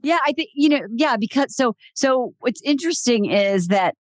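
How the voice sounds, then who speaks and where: A woman's voice: sits high, expressive, moderate pace, no room sound, clean studio sound. A woman hosting a podcast in casual chat, telling stories with lots of "like" and acting out quotes. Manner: chatty, acts out quotes from the show. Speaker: podcast host.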